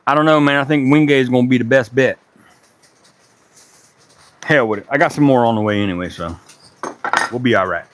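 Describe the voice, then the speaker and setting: This woodworking livestream host from Charleston, South Carolina chats casually with viewers in a Gullah Geechee accent while working in his woodshop, swearing every so often. He speaks at a medium pitch, a little fast, and pauses often. There's a little hiss or hum in the audio.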